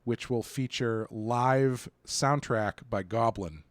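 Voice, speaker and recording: A man's voice: mid-range voice, slow, dry recording. A man co-hosting a casual horror movie podcast, rambling with lots of fillers and restarts. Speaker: podcast co-host.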